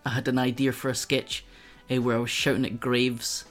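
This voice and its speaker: A man's voice: mid-range voice, flat delivery, fairly quick, faint music behind. A Scottish man, a guest on a podcast, chatting casually and rambling off on tangents. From Scotland. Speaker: guest streamer.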